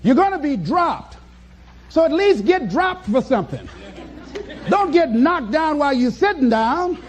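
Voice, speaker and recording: A man giving a motivational speech to an audience, preacherly and animated, acting out little dialogues with chuckles. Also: very high voice, unhurried, a faint crowd, slight background noise. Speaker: motivational speaker.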